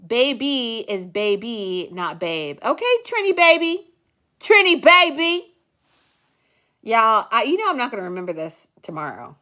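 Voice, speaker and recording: A young adult woman hosting a live class, chatting playfully and teasing viewers in a casual, animated way. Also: a little high, normal speed. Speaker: class host.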